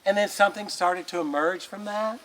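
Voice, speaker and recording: A man telling a folk tale aloud in a lively, folksy way, with colloquial asides to listeners. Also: sits high, moderate pace, slight background noise. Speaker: storyteller. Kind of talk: oral folk storytelling.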